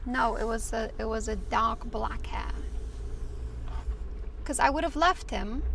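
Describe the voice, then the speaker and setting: A woman streaming from a car, telling a long story in a casual, animated way, repeating "I'm like" and swearing freely. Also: on the high side, measured pace, creaky. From South Africa. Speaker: IRL streamer. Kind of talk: casual storytelling while driving. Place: car on safari drive. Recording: noisy car background. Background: car engine and road noise.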